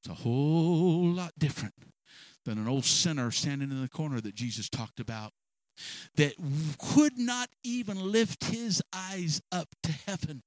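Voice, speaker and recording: A man preaching a sermon, impassioned and repetitive, building up to shouts. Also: fairly high pitch, very animated, unhurried, no echo, poor audio.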